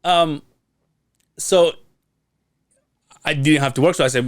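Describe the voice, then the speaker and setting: A man's voice: a little high, takes it slowly. A man co-hosting a podcast, telling stories in casual, profane chat. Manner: profane, animated storytelling with laughter. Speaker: podcast co-host.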